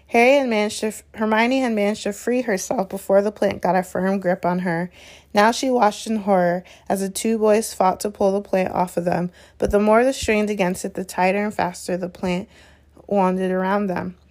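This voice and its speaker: A woman reads a novel aloud in steady, unhurried narration, now and then correcting a slipped word. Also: mid-range voice. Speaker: reader.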